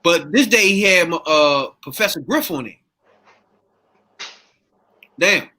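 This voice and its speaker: A man hosting a casual podcast chat, telling the story in an animated way and steering the topic. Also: on the high side, slow.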